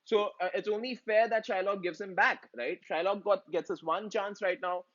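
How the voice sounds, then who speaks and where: A man's voice: high voice, fairly even intonation, normal speed, a bit bright, muffled recording. A man with an Indian English accent teaching a literature lesson in a chatty way, using slang to explain lines.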